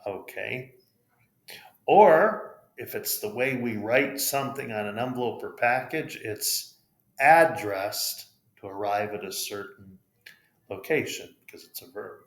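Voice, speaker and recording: A man's voice: medium pitch, expressive, unhurried. A man with an American accent teaching English pronunciation, spelling out letters and modeling each word with patient care. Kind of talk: pronunciation lesson. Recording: roomy echo.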